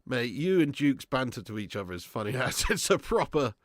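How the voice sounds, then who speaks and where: A man's voice: medium pitch, sing-song, fairly quick, dry recording, clean studio sound. Laid-back man streaming a watch-along. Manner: laid-back banter, reads out super chats, swears freely. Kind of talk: casual live-stream chat and commentary.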